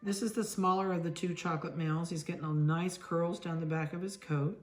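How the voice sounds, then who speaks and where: A middle-aged woman from Ohio, a dog breeder, chatting casually as she handles puppies and talks softly to them. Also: on the low side, fairly even intonation, brisk.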